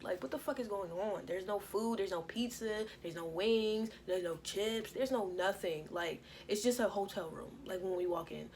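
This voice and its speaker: Animated young woman telling a storytime. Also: medium pitch, moderate pace, hardly any pauses, a little hiss or hum, low-quality recording. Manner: animated, profane, acts out quotes. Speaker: storytime vlogger. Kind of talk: casual storytelling vlog.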